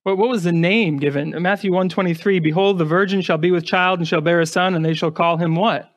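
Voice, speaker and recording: Pastor guy with a high voice, emphatic sermon, lots of rhetorical questions, stumbles and repeats words. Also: steady tone, brisk. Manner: repeats words when starting a phrase.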